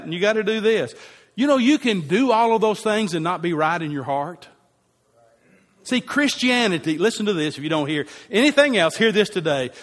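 A man preaching a sermon to a congregation, emphatic and repeating key phrases for effect. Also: sits high. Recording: long hall reverb.

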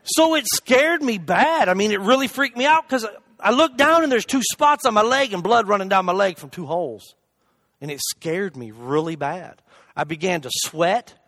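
A man preaching a humorous sermon, telling a story in an animated, jokey way with loud shouted asides. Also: sits high, normal speed, no room sound.

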